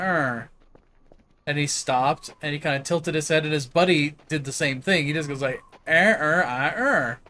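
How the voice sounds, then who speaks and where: A man's voice: fairly high pitch, fairly bright tone. An American man hosting a game stream, chatting casually, laughing often and exclaiming when startled. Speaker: streamer host. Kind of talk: casual gameplay commentary.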